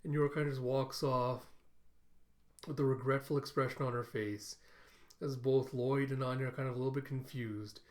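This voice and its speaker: A man's voice: medium pitch, fairly even intonation, moderate pace, a little mellow. Amused man recapping an anime. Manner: chatty, amused, laughs often. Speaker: anime reaction host. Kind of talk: animated recap of an anime episode.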